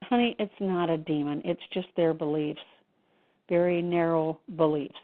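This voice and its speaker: A woman's voice: low-pitched, steady tone, normal speed. A woman hosting a radio talk show who listens supportively and reacts to her guest with exclamations. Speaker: host. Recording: tinny phone line.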